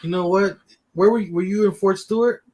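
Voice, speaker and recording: A man's voice: sits high, steady tone, fairly quick, darkish tone, poor audio. A man with a New York accent, telling stories in a casual chat as a guest.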